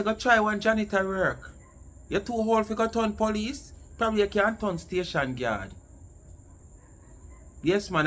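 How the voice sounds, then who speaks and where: A man's voice: a little high, fairly bright tone, a little hiss or hum. A man with a Jamaican accent scolding and mocking someone in casual online commentary. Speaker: commentary channel host.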